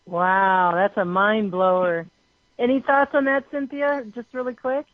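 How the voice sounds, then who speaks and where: A woman hosts a call-in chat over the phone, gasping into excited exclamations and rambling through her questions. The line is thin and tinny, with a dry, close sound and no room around her. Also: medium pitch, a little slow, no echo. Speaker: host of a call-in show.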